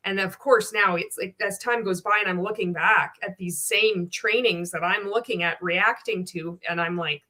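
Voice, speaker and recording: A woman's voice: medium pitch, fairly quick, a bit bright. Woman in her 40s, blunt swearing podcast host, fired up. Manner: blunt, profane, heated. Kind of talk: casual interview chat.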